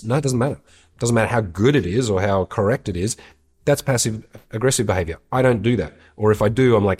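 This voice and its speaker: A man's voice: fairly low pitch, fast talker, a little mellow, breathy edge. A man hosting an advice show, talking through a listener's question in a blunt, candid way with casual swearing.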